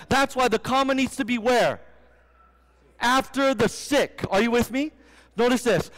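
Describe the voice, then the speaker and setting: A man's voice: high voice, a bit bright. A young man preaching a sermon, often quizzing the congregation with rhetorical questions. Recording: long hall reverb.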